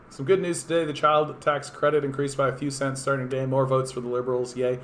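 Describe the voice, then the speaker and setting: A man talks politics on a casual livestream in a hoarse, worn voice. His pitch sits in the middle range, and his delivery wanders, full of sarcasm and the odd curse. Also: level tone, a little fast, a little hiss or hum. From Canada. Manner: sarcastic, rambling, profane. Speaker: political streamer.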